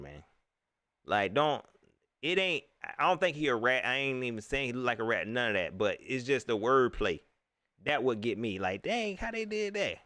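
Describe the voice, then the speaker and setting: Speaking in a Southern US accent, a man hosts a relaxed live-stream chat on a dry recording. He is animated and quick to laugh, with his voice going high when he gets riled.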